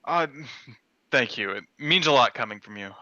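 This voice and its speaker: A man playing his character in a tabletop game, speaking haltingly and hesitantly. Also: mid-range voice, expressive, bright, forceful tone, dry recording, muffled recording. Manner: halting, hesitant, with many fillers. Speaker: player. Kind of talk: in-character role-play.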